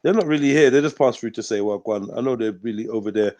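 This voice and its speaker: A man's voice: medium pitch, fast, darkish tone, a little hiss or hum. A man hosting a casual live-stream panel, talking in loose, slangy banter. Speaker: host.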